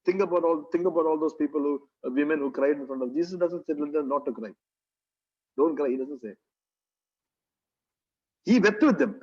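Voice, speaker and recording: In a dull, lo-fi recording, a male pastor preaches a sermon with a Kerala English accent. His high, husky voice is a little mellow, and he keeps repeating himself earnestly while posing rhetorical questions to the congregation.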